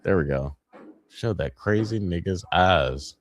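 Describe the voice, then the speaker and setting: A man's voice: deep voice, lively intonation, unhurried, slight background noise. A man hosting a podcast live watch party, chatting casually and profanely, groaning and laughing at gory scenes. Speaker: podcast host.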